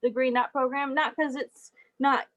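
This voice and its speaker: A woman's voice: high-pitched, steady tone, moderate pace, low-quality recording. A young adult woman giving a casual talk as guest speaker, chatty, with frequent laughs and fillers. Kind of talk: casual presentation over a video call.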